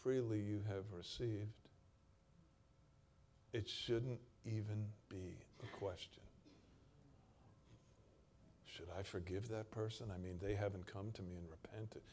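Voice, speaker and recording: A man preaching a sermon, reading scripture aloud in a dramatic way and moving between loud stretches and quiet emphasis. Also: on the low side, fairly even intonation, slow, pauses often.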